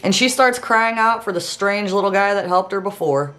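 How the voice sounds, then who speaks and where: A woman's voice: mid-range voice, moderate pace, fairly bright tone, soft background music. A woman hosting a comedic fairy tale retelling, narrating casually with sarcastic asides. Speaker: storyteller host.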